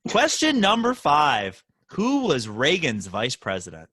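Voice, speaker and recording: Lively, teasing man hosting a podcast. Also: on the high side, unhurried, no echo. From Baltimore, Maryland. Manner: teasing, animated quizmaster. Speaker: podcast host. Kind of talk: casual podcast chat, quizzing a guest.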